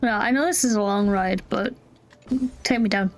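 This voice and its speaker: A woman's voice: mid-range voice, normal speed. A woman commenting casually on a game as she plays, chatty, joking and swearing freely. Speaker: gameplay streamer. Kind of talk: casual let's-play commentary.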